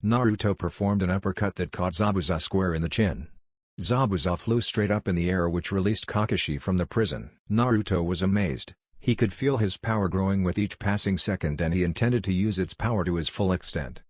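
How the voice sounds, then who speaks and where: A man narrating fan fiction aloud in a steady, even reading manner. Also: low voice, fairly quick, dry recording, studio quality.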